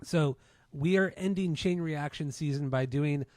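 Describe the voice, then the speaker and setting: A man hosting a casual music podcast, talking quickly and chattily with his co-host over a remote link. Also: on the high side, a little mellow, no echo. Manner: fast, chatty intro patter.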